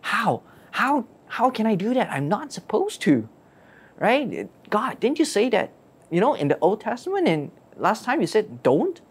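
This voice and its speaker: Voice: mid-range voice, wildly swooping pitch, measured pace, husky, voice pushed up, full character voice. A storyteller voicing a confused, devout Jewish man who protests and asks questions. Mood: bewildered.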